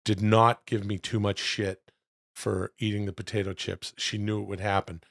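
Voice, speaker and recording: A middle-aged man with a gravelly, fried edge to his voice chats loosely on a podcast. He swears freely and tells rambling stories. The sound is close and dry. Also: fairly low pitch, moderate pace, no echo. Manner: loud, profane storytelling with bursts of excitement. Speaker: podcast co-host. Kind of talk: casual podcast chat.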